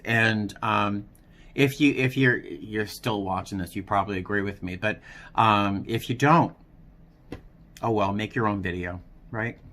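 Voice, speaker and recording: A man talking earnestly and self-critically in a personal vlog, speaking softly. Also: fairly low pitch. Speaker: vlogger.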